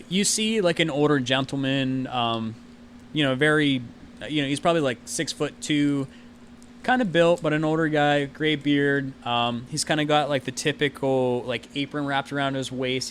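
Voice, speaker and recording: A man's voice: a little high, a bit bright, slight background noise. Man rambling through game narration. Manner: rambling, filler-heavy, giggly narration. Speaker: game master.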